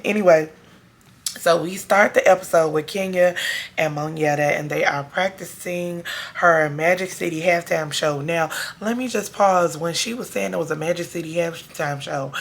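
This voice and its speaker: A hoarse woman recapping a TV episode for her viewers in a sassy, casual, chatty way. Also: on the low side. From Chicago area. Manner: sassy, talks straight to her audience with slang. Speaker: TV show review vlogger.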